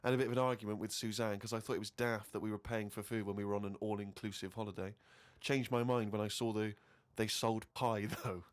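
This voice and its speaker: A man co-hosting a comedy podcast, reading a diary aloud in a dry, deadpan way. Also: on the low side, a little fast. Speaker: co-host.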